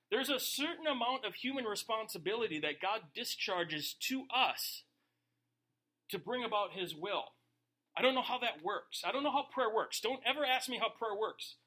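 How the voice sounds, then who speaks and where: High, bright-voiced preaching man. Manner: animated preaching, rhetorical questions, acted-out inner voices. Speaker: pastor. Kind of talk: sermon.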